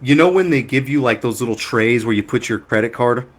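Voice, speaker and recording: A man's voice: medium pitch, brisk. Podcast co-host, male, chatty storyteller who rambles through anecdotes with frequent laughter. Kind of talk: casual chat.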